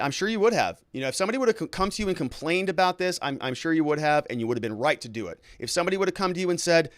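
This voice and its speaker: A man giving commentary on a criminal trial, acting out courtroom questions in an animated, incredulous way. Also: on the high side, dry recording, clean studio sound. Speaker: legal commentator.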